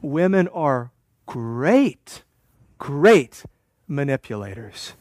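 A man's voice: medium pitch, big pitch swings, very slow, darkish tone, no room sound. A man preaching a sermon in a church, with a conversational, wry manner that teases the congregation. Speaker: pastor.

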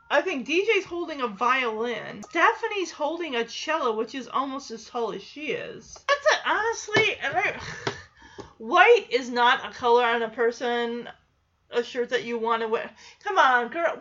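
A woman's voice: high-pitched, sing-song, a little slow, a bit bright, highs cut off. A woman giving a chatty, casual recap of a TV episode, laughing often and acting out quoted lines. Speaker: show recapper.

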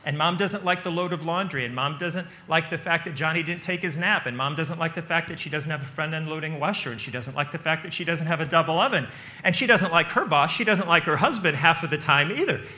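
Bright-voiced preacher, emphatic. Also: male voice, fairly high pitch, fast. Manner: emphatic, repeats phrases, asks "right?". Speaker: pastor. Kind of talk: sermon. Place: barn.

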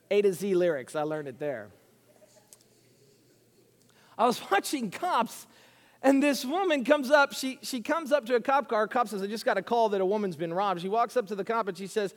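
A man with a very high voice preaches a sermon, dropping to quiet asides and then rising to loud, punchy statements. His voice carries a long reverb tail in a large hall. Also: moderate pace, pauses often. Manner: animated, swinging between hushed asides and loud emphatic lines.

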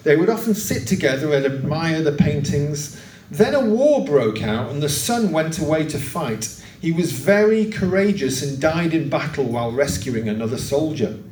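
A man preaching a sermon, telling a long story and acting out its voices with raised pitch. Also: sing-song, moderate pace, darkish tone, a little hiss or hum. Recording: roomy, distant church recording.

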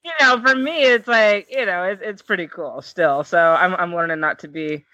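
A woman guest, a fight matchmaker, chatting in a casual interview, excitable and quick to laugh. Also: on the low side, no echo, lo-fi sound. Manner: excitable, laughs often, self-described nervous reactor. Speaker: MMA matchmaker and commentator, guest.

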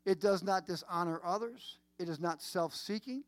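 A man preaching a sermon, emphatic and repetitive, with dramatic pauses. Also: high voice, no room sound. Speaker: pastor.

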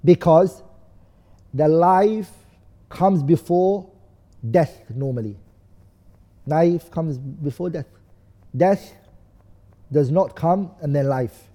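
A man's voice: on the high side, takes it slowly, long pauses, dark tone. A man teaching a lesson. He asks the class questions, answers them himself, and recites set phrases as he goes. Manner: recites phrases in another language. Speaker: teacher of a study course. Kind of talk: classroom lesson explaining texts. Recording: long reverb of a large hall.

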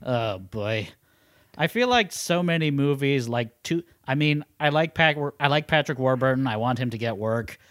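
A man's voice: medium pitch, lively intonation, normal speed, a bit bright, dry recording, clean studio sound. A man co-hosting a movie podcast, chatting casually with wry, groaning reactions. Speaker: podcast co-host.

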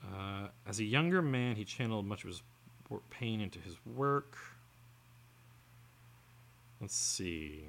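A man's voice: on the low side, expressive, measured pace, creaky, pauses often, a bit bright, a little hiss or hum. A man co-hosting a podcast, reading an article aloud and breaking off into sarcastic, exasperated asides. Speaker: podcast co-host.

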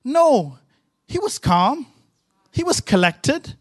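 A man's voice: very high-pitched, sing-song, takes it slowly, no echo. A man pastor preaching a sermon with emphatic, repetitive rhythmic phrasing.

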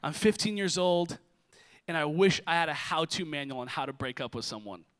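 A young male pastor delivers a sermon from a church stage, moving from comic personal stories into earnest teaching. His voice sits high and rings bright and forceful. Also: brisk, clear, resonant tone. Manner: lively, joking storyteller who shifts to preaching. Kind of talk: sermon with storytelling. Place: church stage before a congregation.

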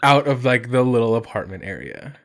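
A man telling an animated, sweary anecdote in casual podcast chat. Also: medium pitch, brisk, creaky, crowd noise. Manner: animated, swearing, laughing, mimics others in quotes. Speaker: podcast host.

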